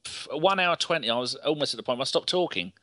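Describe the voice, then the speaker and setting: A man's voice: mid-range voice, quick pace, no room sound, clean studio sound. A man hosting a casual football podcast call, swearing, laughing and telling stories. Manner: sweary, laughing, animated storyteller. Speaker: podcast host.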